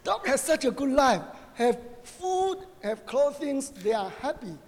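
A middle-aged man preaching a conversational sermon, animated and joking, often asking his listeners "right?". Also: extremely high pitch, a little slow. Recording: long reverb of a hall.

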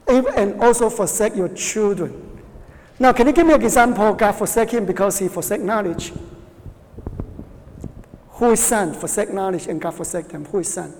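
A woman's voice: mid-range voice, a little mellow, a little hiss or hum. A woman whose first language is Chinese, teaching a Bible class by quizzing her students, with frequent restarts and short laughs. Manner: questions the class often, halting restarts, laughs. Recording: reverberant hall.

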